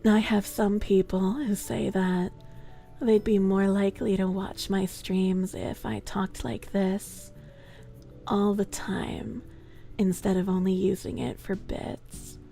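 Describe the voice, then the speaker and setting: A streamer woman doing a low, murmured, deadpan voice for a bit, slow and near-whispered. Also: vocal fry, faint music behind.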